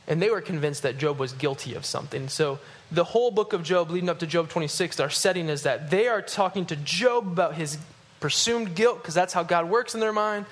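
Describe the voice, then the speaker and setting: A man with a high, light voice preaches a sermon. He goes low and hushed for scripture, then climbs higher and louder to drive a point home. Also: brisk, few pauses. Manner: animated, rising in pitch and force at emphatic points; drops low and quiet when reading scripture. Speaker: pastor.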